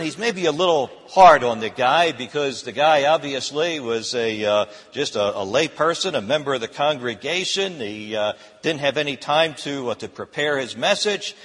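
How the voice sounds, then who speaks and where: A male pastor tells a story during his sermon, stopping and restarting often with fillers. His voice is husky and a touch high for a man. It carries a long reverb from a church hall. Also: a bit bright. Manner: hesitant, many filler restarts.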